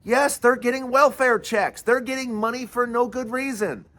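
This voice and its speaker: A man with a fairly high voice hosts his own political commentary, ranting with fiery scorn. He mocks his targets sarcastically and swears freely. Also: moderate pace, pushed and bright. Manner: sarcastic, mocking and profane.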